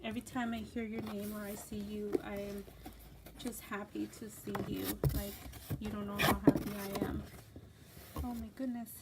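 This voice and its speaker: A middle-aged woman hosting a craft channel, chatting casually and excitedly as she unboxes gifts. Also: mid-range voice, moderate pace, heavy background noise. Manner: gushing, excited, gasping exclamations. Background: paper crinkling.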